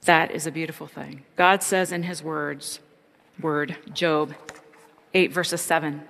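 A woman's voice: low-pitched, steady tone, slow, gravelly, a bit bright, long reverb tail. A middle-aged woman giving an earnest, reflective personal testimony.

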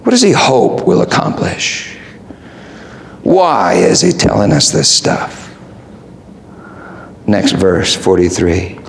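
A man's voice: lowish voice, very animated, slow pace, gravelly, long pauses, a little hiss or hum. A man preaching a sermon in an emphatic, rhetorical way. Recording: echoey room with faint ambience.

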